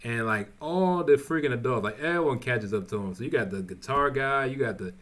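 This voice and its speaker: A man's voice: medium pitch, a bit bright. Man rambling through a show recap. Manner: rambling, halting, with many restarts and fillers. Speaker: TV show reviewer. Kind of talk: casual spoiler recap.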